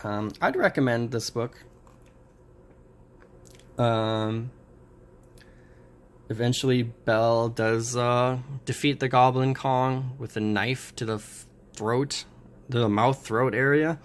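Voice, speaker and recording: Casual man reviewing a comic, halting. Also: mid-range voice, fairly even intonation. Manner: halting, many fillers and restarts. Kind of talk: casual review, summarizing a plot.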